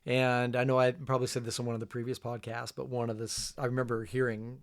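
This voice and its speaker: A middle-aged man, a trip leader, telling travel stories in a relaxed, casual podcast chat, trailing off quietly. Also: mid-range voice, fast. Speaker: guest, fishing trip leader.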